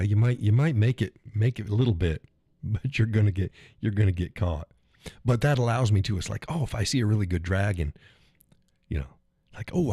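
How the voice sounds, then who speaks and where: A man with a fairly low voice chats casually on his live stream, cursing freely and laughing as he reads viewer messages aloud. The sound is dry and close, with no room echo. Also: dark tone, slightly rough.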